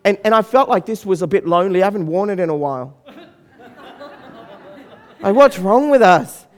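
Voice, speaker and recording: A man's voice: high-pitched, normal speed, some chatter behind. A man, telling a humorous story to an audience and acting out the voices of people in it. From Australia. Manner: animated, acts out the voices of people in his story. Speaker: speaker.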